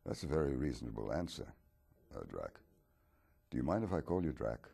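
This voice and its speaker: Man doing a polite secret agent, raspy, gravelly, higher than his usual, asks questions. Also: sing-song, brisk, mellow, exaggerated voice. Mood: curious. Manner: courteous, probing questions.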